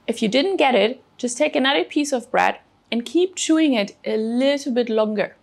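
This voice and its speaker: A woman's voice: a little high, lively intonation, moderate pace, creaky, hardly any pauses. A woman presenting a children's cooking show, explaining food patiently and encouraging the kids step by step. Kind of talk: teaching children about food.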